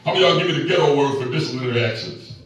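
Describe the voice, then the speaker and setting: A middle-aged man preaching a sermon as pastor, animated and joking with the congregation. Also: mid-range voice, rapid-fire, heavy reverb, recorded from a distance, poor audio.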